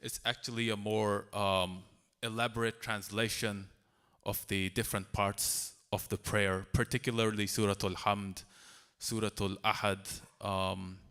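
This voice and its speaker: A man making relaxed, hesitant remarks on a panel, with frequent fillers. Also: on the low side, a little slow, smooth.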